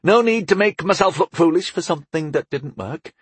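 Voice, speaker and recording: A man's voice: on the high side, lively intonation, a little fast, slightly rough, no echo, voice pushed up. A man voicing a young, mischievous and smug male enchanter in an audiobook, with a knowing, playful delivery. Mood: eager. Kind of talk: audiobook character voice.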